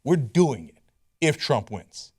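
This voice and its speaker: A man hosting political commentary in a sarcastic, incredulous, animated way. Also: medium pitch, slow, breathy edge.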